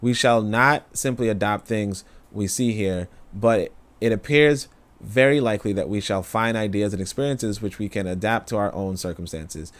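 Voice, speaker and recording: A man's voice: on the low side, normal speed. A man hosting a stream, reading an essay aloud and breaking off for rambling, emotional asides full of fillers. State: tearful. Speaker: host reading and commenting. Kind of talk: livestream reading with casual commentary.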